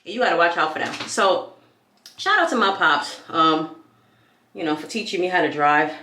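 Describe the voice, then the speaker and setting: A woman's voice: lowish voice, moderate pace, bright, forceful tone, echoey room. A young woman from New York chatting casually as a vlogger while she does her hair, hyped and full of tangents. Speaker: beauty vlogger.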